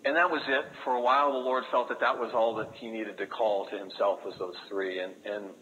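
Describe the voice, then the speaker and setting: A man speaking as a missionary, telling a story to an audience in an earnest way, with lots of halting restarts. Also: fairly low pitch, fairly even intonation, bright, forceful tone, lo-fi sound, a little hiss or hum. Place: room with a live audience.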